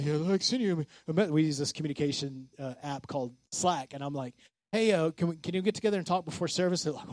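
A man gives a casual sermon in a fairly high voice. He preaches with animation and slips into quick impressions of the people he talks about. The sound is close and dry. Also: a little mellow, no echo. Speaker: pastor.

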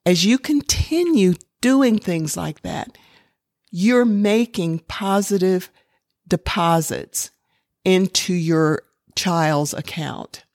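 A middle-aged parenting speaker gives an earnest talk to parents, acting out example phrases in different tones as she goes. Her voice sits on the low side, slow and somewhat dark. The recording is dry and clean, with studio sound.

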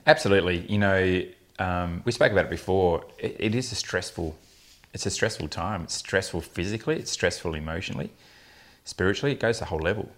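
A man's voice: deep voice, brisk, a bit bright. A man, a fertility specialist telling blunt, funny patient stories in a casual podcast chat. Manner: anecdotal, laughing often, blunt humour.

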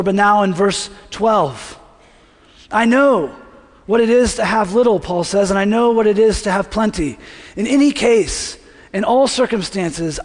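A high-voiced pastor delivers a sermon in a relaxed, conversational style, often prompting his congregation to repeat words back to him. The long reverb of a large church sanctuary rings around his voice.

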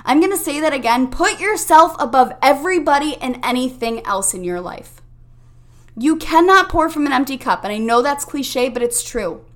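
A young woman hosts a self-help podcast, speaking directly to her listeners in a high voice with lively intonation at a moderate pace. Her motivational monologue is upbeat and emphatic.

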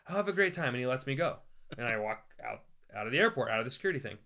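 Bright-voiced American man telling stories. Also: mid-range voice, racing, vocal fry. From United States. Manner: animated, joking, acts out quoted voices. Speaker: evangelist guest. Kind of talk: conversational storytelling.

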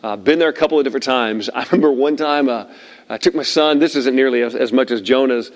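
A middle-aged man preaching to a room of listeners at tables, telling a story in a lively way and acting out the lines he quotes. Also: medium pitch, fast. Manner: animated storyteller, acts out shouted quotes. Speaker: pastor. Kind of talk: sermon with personal story.

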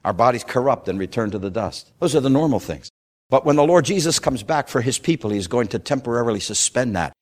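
A man preaching a sermon, retelling scripture with dramatic storytelling that swings between loud declarations and hushed passages. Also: mid-range voice, expressive, fast.

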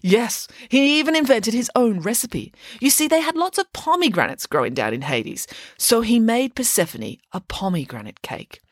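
A woman's voice: a little high, sing-song, moderate pace, hardly any pauses, no echo, clean studio sound. A woman voicing a confident, bossy female pig nanny who speaks in a matter-of-fact storytelling way. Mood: knowing, matter-of-fact.

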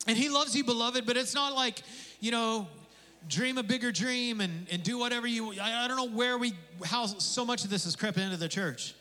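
A man preaching a sermon as pastor, conversational and animated, with casual asides and jokes. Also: extremely high pitch, normal speed. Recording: long hall reverb.

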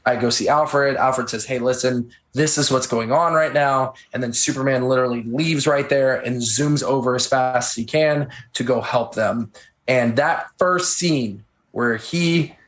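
Animated man retelling a film scene. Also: medium pitch. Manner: animated storytelling, gets choked up. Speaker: podcast co-host. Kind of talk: casual film discussion. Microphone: on camera.

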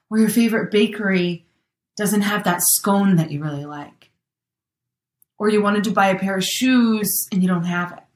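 A woman's voice: medium pitch, roomy sound. A woman giving a chatty motivational talk, acting out everyday scenarios with exclamations.

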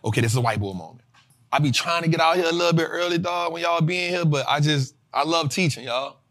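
Animated man teaching investing, slightly high voice. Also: quick pace. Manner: animated, talks straight to the audience, acts out students' voices. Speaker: investing teacher and show host. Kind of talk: live classroom lecture.

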